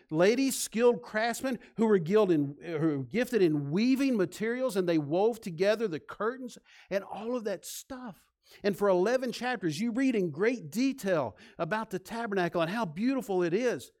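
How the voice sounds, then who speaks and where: A male pastor preaching a sermon, swinging from loud, emphatic lines to soft, hushed ones. He leads the congregation in call-and-response and drops in self-deprecating asides. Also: high voice.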